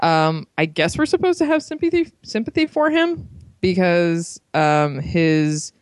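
A woman's voice: on the low side, very animated, a little slow, no room sound, clean studio sound. A young woman co-hosting a podcast, chatting casually about a film, with lots of fillers and frequent laughs. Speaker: podcast co-host, film reviewer.

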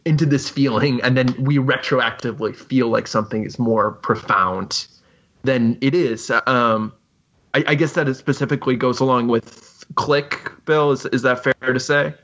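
A man's voice: mid-range voice, normal speed, a bit bright, lo-fi sound. A man co-hosting a casual film discussion, talking with hesitant restarts and laughing easily. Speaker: podcast co-host.

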